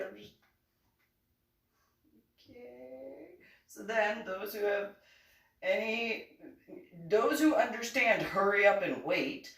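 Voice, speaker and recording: Woman telling an old army story slow, lots of laughing, voice bouncing up and down, echoey and kinda far from the mic. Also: medium pitch, vocal fry. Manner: laughs often while telling, animated quoting of others. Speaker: storyteller recounting military service. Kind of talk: casual spoken anecdote. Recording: roomy echo, mic at a distance.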